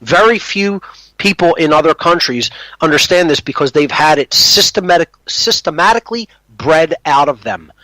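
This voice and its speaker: A man from the United States speaks as a podcast guest in an impassioned, emphatic monologue, pressing points with a repeated "okay?". His voice sits a little high for a man. The sound is dry and close, with no room around it. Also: lively intonation, normal speed, pushed and bright, no room sound, rough recording.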